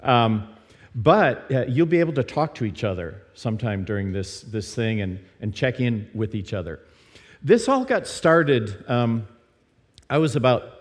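A middle-aged man from Nashville tells a story from the front of a church, talking casually and poking fun at himself, with plenty of fillers. His voice sits at an ordinary middle pitch and carries a long reverb from the church hall. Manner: chatty and self-deprecating, many fillers and asides. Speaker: speaker teaching at a church service. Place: church sanctuary.

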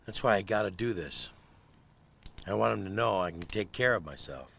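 Gruff husky young ogre guy, unsure of himself, low voice, film clip sounds far off. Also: expressive, moderate pace, fairly bright tone, full character voice. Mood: earnest. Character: young male ogre, insecure and earnest. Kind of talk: animated film acting.

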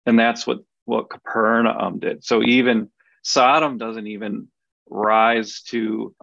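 A man with a deeply gravelly, creaky voice talks through a Bible passage for a podcast. He is earnest and conversational, circling back and restarting as he reaches for the right words. The sound is dry and a little dull, as if heard through a modest microphone. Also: little pitch movement, slow pace, fairly bright tone, no room sound. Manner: earnest, thinks aloud with many restarts and fillers. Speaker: podcast co-host.

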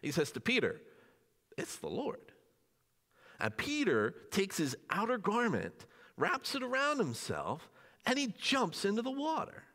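A pastor with a bright, somewhat high voice preaches to his church in a loose, conversational way, often asking the congregation questions and acting out short bits of dialogue. His pitch swings widely and animatedly. The sound carries a long reverb from the sanctuary. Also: huge pitch swings, normal speed. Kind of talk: sermon.

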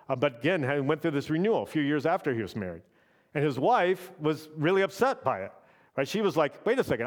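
A man preaching a sermon as pastor, in a conversational way that keeps checking in with "right?". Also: mid-range voice. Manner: conversational, often adds "right?".

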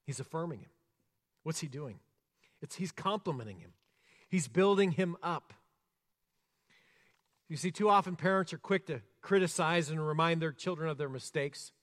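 A man preaching a sermon, earnest, rising to emphasis and dropping soft and slow. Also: on the high side. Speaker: pastor. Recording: long reverb of a church hall.

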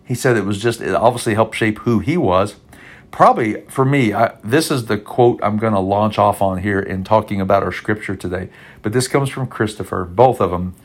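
A male pastor with a fairly low voice delivers a podcast sermon. He speaks from the heart and rambles, restarting his sentences often. He sounds emotional, close to tears. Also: normal speed.

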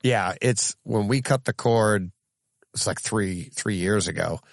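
Male podcast host, gravelly, animated storyteller, dry close recording. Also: on the low side, measured pace, no room sound. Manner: animated storyteller, lively when telling anecdotes. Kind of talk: casual chat.

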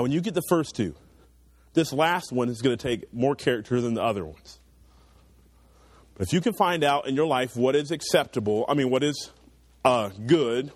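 On a dry recording, a young man gives a sermon to teens, sincere and urging, alternating between rising loudness and quiet, low-voiced asides.

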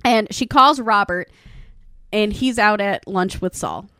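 A woman's voice: a little slow, smooth, no room sound, studio quality. A woman in casual chat recapping a TV episode, acting out the characters' lines with big leaps in her voice. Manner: animated, acts out characters' lines with big jumps in pitch. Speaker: co-host recapping a show.

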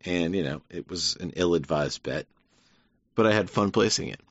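A man's voice: sits low, normal speed, breathy edge, no room sound, muffled recording. A man hosting a podcast, talking in a rambling, wry monologue and laughing often. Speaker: podcast host. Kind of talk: casual monologue.

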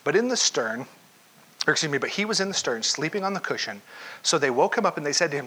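Bright-toned man preaching a sermon. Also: fairly high pitch, very animated, fast, husky. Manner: conversational, questions the audience, acts out quotes. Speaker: pastor. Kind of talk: interactive sermon.

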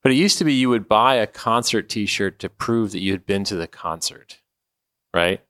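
Rambling joking man, smooth low voice. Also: normal speed, fairly bright tone, no echo, studio quality. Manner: rambling and joking, laughs often. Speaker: podcast host. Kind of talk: casual chat.

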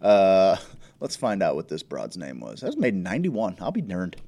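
A man's voice: low voice, wildly swooping pitch, normal speed, gravelly, dark tone. A man hosting a casual podcast, rambling and crude, with frequent restarts. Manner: rambling, crude, self-interrupting. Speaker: podcast host. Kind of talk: casual chat.

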